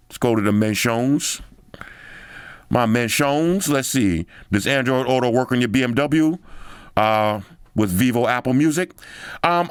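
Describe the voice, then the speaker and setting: Scrolling a phone while he talks, a man hosting a tech video keeps things slangy and chatty, thinking out loud and dropping in "yo" and "bro." His voice is mid-range, recorded with no echo.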